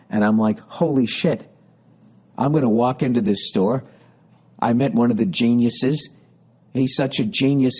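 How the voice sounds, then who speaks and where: A middle-aged podcast host tells a rambling comic story laced with heavy swearing, his exasperated rants building in intensity. His low voice is a little mellow, with a breathy edge.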